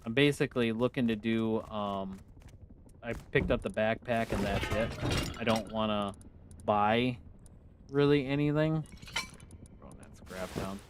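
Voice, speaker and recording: Chatty northern US streamer, noisy background. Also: male voice, lowish voice, measured pace, long pauses. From United States. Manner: chatty, answers chat questions with easy laughs. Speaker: game streamer. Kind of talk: casual live-stream chat.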